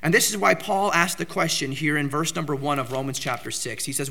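Brief: male pastor with a bright, high voice, preaching emphatically. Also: a little fast, vocal fry. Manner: emphatic preaching, rising to loud outbursts on key phrases. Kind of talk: sermon.

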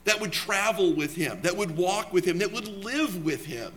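Higher-voiced man preaching conversationally. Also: animated, moderate pace, a bit bright. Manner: conversational, asks the congregation questions, personal anecdotes. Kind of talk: sermon.

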